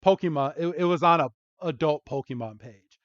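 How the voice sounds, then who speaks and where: A podcast host man retells a story in casual chat, slowly, with many ums and frequent giggles. His voice is clear and smooth, a little higher than most men's. The sound is dry and dull, like lo-fi podcast audio. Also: dry recording.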